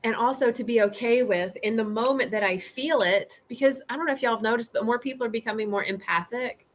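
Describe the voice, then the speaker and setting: A woman leading a casual group discussion, animated, acting out inner voices and swearing freely. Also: on the high side, quick pace. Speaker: group facilitator.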